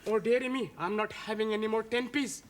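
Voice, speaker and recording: An actor playing an excitable student gambler. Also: male voice, high voice, fairly quick, slight background noise, close to an everyday voice. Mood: hopeful. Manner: hopeful, uses "-ing" forms in broken English. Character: excitable adult male language student gambling at a slot machine. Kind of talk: sitcom acting. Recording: 1970s TV sitcom with studio audience laughter.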